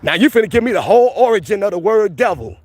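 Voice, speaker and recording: Male streamer, high voice, pushy and repetitive, arguing with chat outdoors. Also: very animated, fast, darkish tone, no room sound. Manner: insistent, repeats points, argues with viewers. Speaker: livestream host. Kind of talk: street livestream arguing with chat. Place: outdoors by a police station.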